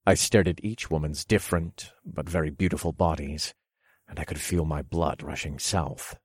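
A man narrating an erotic audiobook in the first person, calm and commanding. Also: extremely low pitch, normal speed, breathy edge, dry recording, studio quality.

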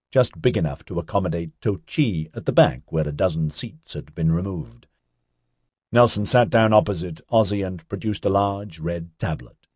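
Husky low-voiced male narrator. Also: darkish tone, no echo, clean studio sound. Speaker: audiobook narrator. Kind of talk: scripted narration.

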